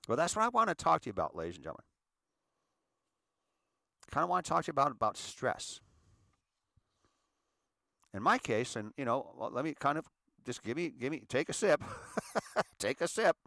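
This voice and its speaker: A man in his fifties telling his own life story to an audience, earnest and halting, often repeating words as he restarts. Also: mid-range voice, sing-song, creaky, sharp tone, dry recording, clean studio sound. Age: 50s. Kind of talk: personal monologue addressing an audience.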